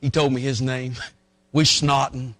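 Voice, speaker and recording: A man's voice: mid-range voice, flat delivery, a little slow, a bit bright, no echo. A man preaching a sermon as a folksy, emotional story, now and then breaking into a hymn.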